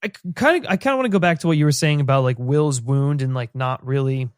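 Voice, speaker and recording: A man's voice: medium pitch, quick pace, clear, resonant tone, no room sound, clean studio sound. A man co-hosting a casual TV recap podcast, rambling and thoughtful, with lots of "like" fillers. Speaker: podcast co-host.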